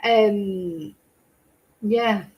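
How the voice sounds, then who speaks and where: A woman's voice: mid-range voice, drawn-out words, lo-fi sound. A woman hosting a true crime channel, chatting casually with her viewers. She rambles and keeps asking rhetorical questions. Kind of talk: casual chat with live chat viewers.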